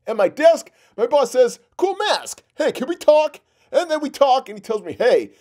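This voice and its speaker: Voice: sits high, a little mellow. A performer voicing a giggly male puppet who hosts a comedic toy review show, laughing constantly and exclaiming through it. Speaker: host.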